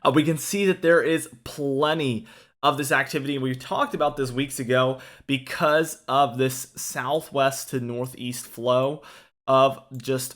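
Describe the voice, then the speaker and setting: A male weather forecaster narrates maps in an easygoing, chatty way. His voice sits at an ordinary middle pitch, and he often restarts words and fills gaps with "uh". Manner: relaxed, talkative, many fillers and restarts.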